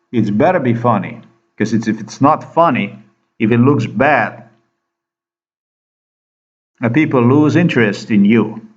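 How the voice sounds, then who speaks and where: Low-voiced man, agitated rambling monologue, muffled lo-fi sound. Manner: agitated, repetitive, addresses the listener with questions. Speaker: vlogger.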